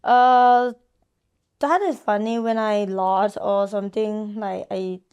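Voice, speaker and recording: A woman with a Thai accent, a fighter speaking halting non-native English as a podcast guest. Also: medium pitch, steady tone, darkish tone, smooth.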